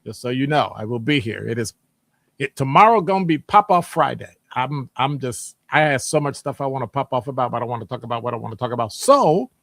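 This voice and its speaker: A man's voice: medium pitch, a little fast, gravelly, dry recording. A middle-aged man hosting a live stream, chatting casually and greeting viewers by name. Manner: greets chat viewers by name, lively rises. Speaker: host of a live stream show.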